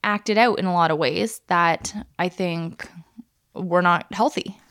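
A woman co-hosting a podcast in casual, animated chat, laughing often. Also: on the low side, a little slow, clear, resonant tone. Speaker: podcast co-host.

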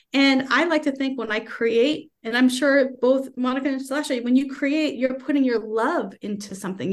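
A woman guest who creates decks, speaking firmly and earnestly in casual chat over a remote call. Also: a little high. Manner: emphatic, firm and earnest.

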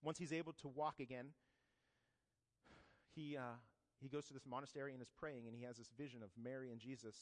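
In a hall with a long reverb, a man teaches about a saint, recounting the saint's life in a casual, joking talk. His mid-range voice is steady and brisk with frequent pauses, and he keeps adding "right?" asides and joking comparisons in a conversational way.

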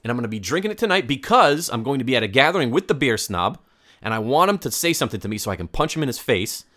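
A middle-aged man co-hosting a casual podcast, his pitch swinging widely as he tells meandering anecdotes. He restarts his sentences often and talks in an easy, chatty way. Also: sing-song, fast, a bit bright. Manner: storytelling, rambling with restarts. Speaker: podcast co-host. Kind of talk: casual chat.

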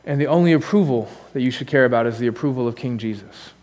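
A male pastor preaching a sermon in a church. He speaks earnestly and conversationally with humorous asides, swinging between loud urging and soft, hushed lines. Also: mid-range voice, fast, big-room sound. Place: church sanctuary.

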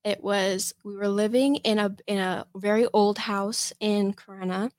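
A young woman from Michigan, a podcast guest telling a personal story in a halting way, with many fillers and restarts. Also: medium pitch, steady tone, a little mellow, no room sound. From Michigan, USA.

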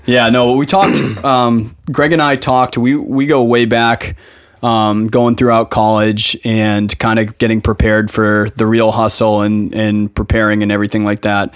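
A man's voice: lowish voice, level tone, measured pace, smooth. A man hosting a casual podcast, talking in a laid-back way and saying "like" and "dude" a lot. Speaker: podcast host.

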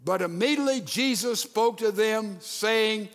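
High-voiced preaching man in a reverberant hall. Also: animated, a bit bright. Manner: emphatic preaching with dramatic pauses. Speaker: pastor. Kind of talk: sermon.

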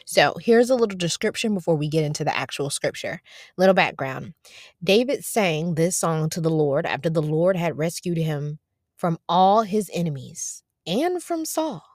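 A woman hosting a devotional podcast, chatting casually and encouragingly, then reading scripture aloud slowly. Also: on the low side, lively intonation, a little mellow, no echo, studio quality. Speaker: podcast host.

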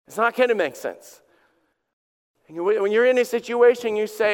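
A man preaching a Sunday-style sermon with a high, clear, resonant voice. He talks to the congregation casually, stumbling over repeated words and acting out little conversations. The sound rings with long reverb from a church hall. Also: normal speed, pauses often. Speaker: lead pastor.

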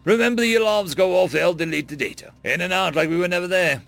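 A curt male squad leader, as a man reads him out, giving orders in short, clipped bursts. The voice is raised and forceful, with some gravel, and soft music runs underneath. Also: high-pitched, quick pace, voice pushed up. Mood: commanding. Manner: clipped, commanding.

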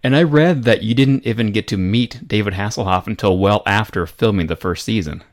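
A man's voice: on the low side, fairly quick. A man interviewing a guest, eager, with brief reactions. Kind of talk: interview questions.

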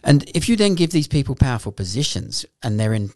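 A man's voice: medium pitch, very animated, fairly quick, darkish tone, no echo, studio quality. A man explaining his views at length in casual podcast chat. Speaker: podcast co-host, cab driver.

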